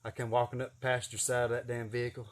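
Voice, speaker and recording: A man's voice: mid-range voice, completely flat delivery, rapid-fire, slight background noise. A man, telling a funny story in a casual, profane, folksy way.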